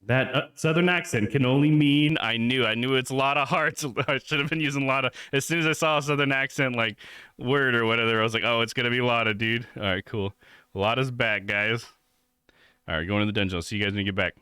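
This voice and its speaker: A man's voice: medium pitch, fast, pushed and bright, clear, resonant tone, no room sound. A man playing a game live, chatting casually and chuckling between remarks to his chat.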